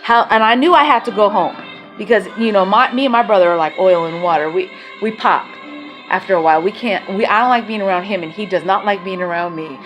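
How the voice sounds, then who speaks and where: A woman's voice: medium pitch, a little fast, fairly bright tone, faint music behind. A woman telling her own life story as a mother, emotional and rambling, speaking bluntly and swearing.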